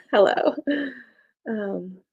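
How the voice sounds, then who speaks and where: A woman's voice: mid-range voice, steady tone, drawn-out words, vocal fry, a little mellow, husky, highs cut off. Young woman chatting on her live, bubbly and giggly, reading comments out. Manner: chatty, bubbly, laughs often. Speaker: small business owner and live streamer. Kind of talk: casual live stream chat, reading comments.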